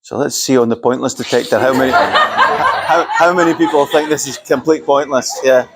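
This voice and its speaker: A man's voice: medium pitch, sing-song, moderate pace, heavy background noise. Scottish man telling a story on stage. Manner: conversational, anecdotal, lightly joking. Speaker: keynote speaker. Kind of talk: storytelling talk to a live audience.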